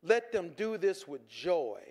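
A pastor preaching a sermon in a conversational way, with stammered restarts and quick chuckles. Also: male voice, sits high, big pitch swings, a little mellow.

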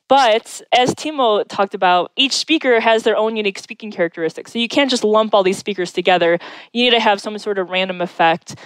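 A woman's voice: mid-range voice, clean tone, no echo, low-quality recording. A woman, a speech science researcher, explaining her dissertation research as a podcast guest in a methodical, step-by-step way.

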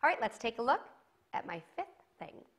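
A woman's voice: a little high, sing-song, a little fast, fairly bright tone. A woman teaching a singing lesson to camera, giving encouraging instructions and demonstrating sung vowels between them.

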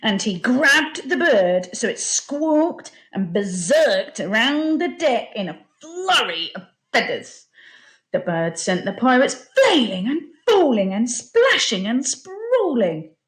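Woman teacher, picture book read-aloud, unhurried, very lively intonation. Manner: expressive, slow storytelling with lively pitch. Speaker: primary school teacher.

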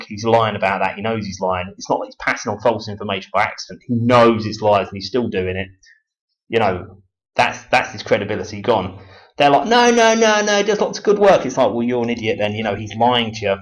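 A man with a fairly low voice, rambling in a loose monologue and mocking the people he talks about. He swears freely and often breaks into laughter. The sound is dull and lo-fi. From Chatham, Kent, England. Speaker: video blogger. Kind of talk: casual monologue to camera. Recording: dull lo-fi audio.

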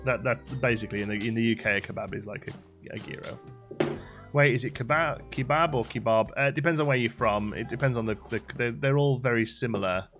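An English man casually chatting on a live game stream, playful and quick to laugh while reading chat aloud. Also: medium pitch, a bit bright, faint music behind. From England.

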